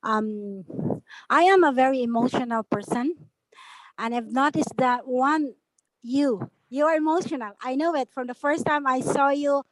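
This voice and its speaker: A woman's voice: sits high, normal speed, dry recording, rough recording. A woman joining a group video call from her phone, speaking in a heartfelt way and often repeating herself. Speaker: call participant.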